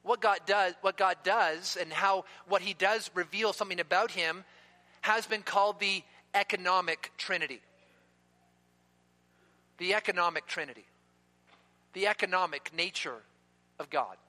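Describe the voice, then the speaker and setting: A man preaching a sermon in an emphatic way, slowing down to stress key words. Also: high voice, bright, forceful tone. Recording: long reverb of a hall.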